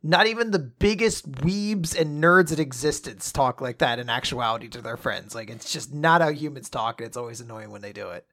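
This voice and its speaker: A man's voice: mid-range voice, fairly quick, hardly any pauses. A man co-hosting a podcast, telling stories with animation and acting out imagined conversations. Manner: animated storytelling, acts out scenarios. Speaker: podcast co-host. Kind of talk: casual podcast chat.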